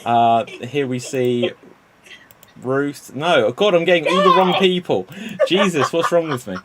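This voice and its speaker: A man's voice: fairly high pitch, a little slow, fairly bright tone. A man hosting an online improv game, rambling, correcting himself and joking. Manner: rambling, self-correcting, playful. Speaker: improv show host.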